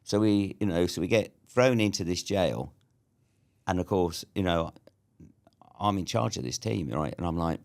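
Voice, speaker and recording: A man's voice: sits low, expressive, normal speed, vocal fry. A British man in his fifties telling a war story as an interview guest, blunt and swearing freely. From Britain.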